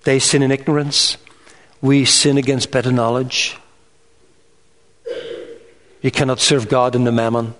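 Earnest preacher in a reverberant hall. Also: male voice, mid-range voice, level tone, fairly bright tone. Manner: earnest, measured preaching with emphatic rises. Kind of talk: sermon.

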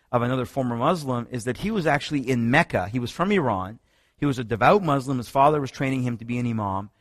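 Animated preacher man, dry sound. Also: no room sound. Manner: animated storytelling, many restarts, rising pitch when excited. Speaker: preacher teaching on another religion. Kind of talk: sermon-style teaching talk.

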